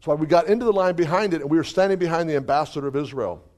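A male preacher telling a testimony in a sermon, lively and dotted with hallelujahs and chuckles. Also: fairly high pitch, racing. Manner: animated, exclamations of hallelujah, chuckles.

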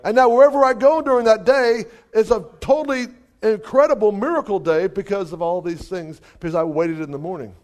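A male preacher telling a testimony in a sermon, lively and dotted with hallelujahs and chuckles. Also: sits high, a little fast. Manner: animated, exclamations of hallelujah, chuckles.

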